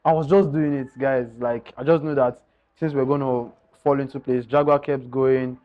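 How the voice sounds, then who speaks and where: A man's voice: mid-range voice, steady tone, moderate pace. A man telling his own story in a candid, earnest way, often calling his listeners guys. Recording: slightly dull lo-fi sound.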